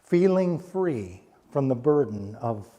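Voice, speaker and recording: A middle-aged man preaching a storytelling sermon in a church sanctuary, dropping to a hushed voice at solemn moments. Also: mid-range voice, big pitch swings, takes it slowly. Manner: hushes to a near-quiet voice at solemn points. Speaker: pastor.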